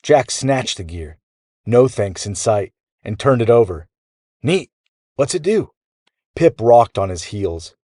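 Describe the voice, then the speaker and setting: A man with a low, deep voice narrates a children's bedtime story. He tells it in a lively, animated way, recorded close and dry. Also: unhurried, dry recording.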